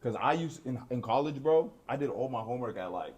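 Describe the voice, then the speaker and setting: A man's voice: mid-range voice, lively intonation, fairly quick, a little mellow. A young man chatting casually on a podcast, rambling with lots of "like" and "bro". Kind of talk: casual chat.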